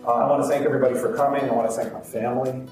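A man's voice: mid-range voice, little pitch movement, racing, music in the background. A man, an actor and storyteller, giving a heartfelt live performance that he speaks straight to the audience. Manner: heartfelt, addressing the crowd directly. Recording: roomy, distant outdoor sound with faint background noise.

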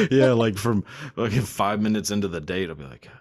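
Deep-voiced man chatting casually. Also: animated, moderate pace. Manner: laughing, swearing, rambling with many likes. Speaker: podcast host. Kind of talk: casual chat.

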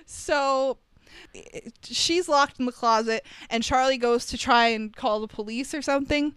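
A young woman casually recapping a film on a podcast, animated and full of "like" fillers. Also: high voice, measured pace, clear, resonant tone, dry recording. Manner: chatty, animated storytelling with many "like" fillers and laughs. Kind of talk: casual chat.

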